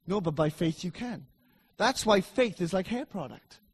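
Husky high-voiced man preaching a sermon. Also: animated, moderate pace. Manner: emphatic and repetitive, swinging between loud and soft.

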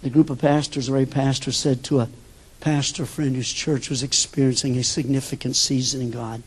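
An older man preaching a sermon as a pastor, telling stories with sudden shifts between loud bursts and hushed asides. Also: mid-range voice, flat delivery, moderate pace, husky.

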